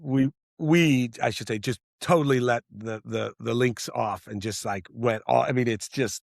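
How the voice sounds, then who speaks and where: A middle-aged man, a screenwriter and director, talking in an interview in an animated, rambling way with many restarts. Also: medium pitch, normal speed, vocal fry, no echo, studio quality. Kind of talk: interview conversation.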